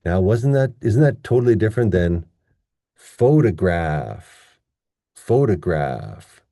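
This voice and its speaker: A man teaching English pronunciation in a casual online lesson, chatty and relaxed, drawing words out slowly to demonstrate them. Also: on the low side, dry recording, clean studio sound.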